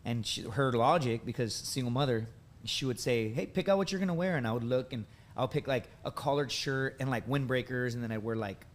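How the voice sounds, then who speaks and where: A man in his thirties, a podcast guest, telling animated personal stories in a casual way, often tagging on "dude" and "right?". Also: mid-range voice, fairly quick. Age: 30s. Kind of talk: casual storytelling.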